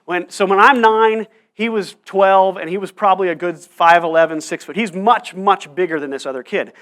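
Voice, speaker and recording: A man around forty, a pastor, gives a sermon in church full of storytelling and frequent "right?" asides to the room. He speaks at normal speed in a high-pitched, fairly bright voice.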